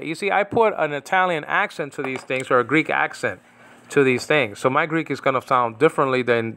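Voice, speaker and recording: A man teaching New Testament Greek in a casual, rambling way, slowly repeating the Greek words and chuckling now and then. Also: fairly high pitch, pushed and bright. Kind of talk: casual Bible Greek lesson.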